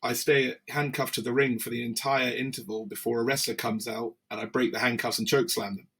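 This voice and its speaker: Husky wrestler telling stories. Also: male voice, mid-range voice, fairly quick. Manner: animated storyteller, acts out quotes. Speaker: wrestler guest. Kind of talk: casual interview storytelling.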